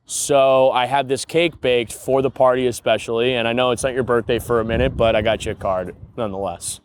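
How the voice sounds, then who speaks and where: A man's voice: mid-range voice, steady tone, brisk, slight background noise, lightly acted. A man playing China as a gracious guest. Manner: sweetly polite and thoughtful. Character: China as an attentive, gift-bearing party guest.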